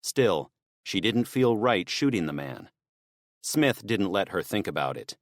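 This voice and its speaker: Low-voiced male audiobook narrator. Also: big pitch swings, unhurried, dry recording, clean studio sound. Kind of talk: scripted narration.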